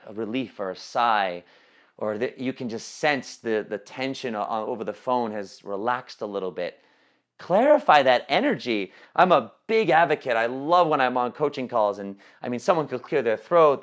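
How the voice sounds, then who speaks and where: A man's voice: mid-range voice, fairly bright tone. A man leading a training call on coaching sales, talking casually with many fillers and restarts. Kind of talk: teleconference training talk.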